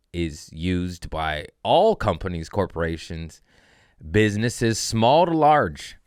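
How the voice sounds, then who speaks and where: A man's low, smooth, resonant voice, recorded close and dry with no room sound, carries a loose comedy podcast monologue. He riffs casually and mocks himself, then launches into heated, profane rants with rising outbursts.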